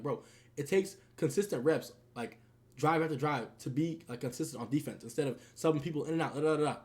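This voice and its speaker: His voice is a little high with a darkish tone. It's casual livestream commentary from a young man covering sports, thick with slang and frequent laughter.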